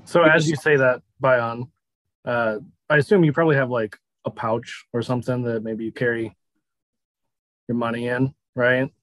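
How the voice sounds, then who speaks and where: A man narrating as game master of a tabletop game, relaxed and laughing often, slowing down to describe scenes. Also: mid-range voice, no echo, low-quality recording.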